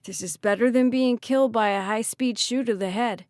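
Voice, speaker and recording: A woman's voice: on the high side, normal speed, a little mellow, no echo, studio quality, lightly acted. A woman narrator voicing an easygoing young man who comforts others with light jokes. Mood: reassuring. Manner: light, joking.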